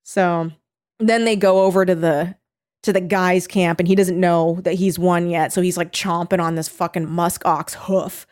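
A woman's voice: steady tone, moderate pace, a little mellow. Chatty woman telling a story. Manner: chatty, fillers, acts out quotes in squeaky high voices. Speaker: co-host recounting a reality show. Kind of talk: casual chat.

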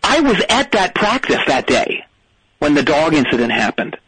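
A man's voice: fairly high pitch, sing-song, normal speed, a bit bright, husky, no room sound, heavily acted, poor audio. A man playing a jittery, hyped-up caller on a comedy call-in show, rambling from tangent to tangent. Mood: wired. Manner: wired, rambling, jumps between tangents. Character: jittery hyped-up adult male caller, rock-band hanger-on. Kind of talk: comedic prank-call character.

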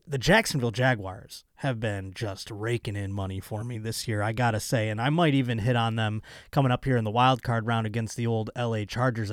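A man's voice: medium pitch, clear, resonant tone, dry recording, clean studio sound. A man hosting a comedy podcast, chatting in a joking, rambling, playful way. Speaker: podcast host. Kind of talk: casual comedic chat.

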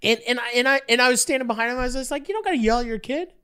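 A man in his thirties, congested with a cold, telling rambling stories in casual podcast banter and jumping into sudden high yelps. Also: very fast, pushed and bright, smooth. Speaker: podcast co-host.

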